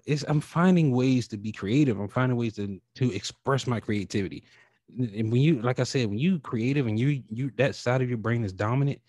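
A man hosting his own podcast in a casual, rambling way, talking with animated feeling and casual swearing. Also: medium pitch, dry recording, studio quality. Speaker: podcast host. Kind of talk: casual solo podcast talk.

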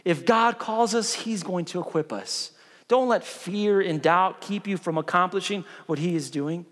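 A man's voice: high-pitched, normal speed, fairly bright tone. A man preaching a sermon as a pastor, conversational and emphatic, with jokes mixed in. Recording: long reverb of a large hall.

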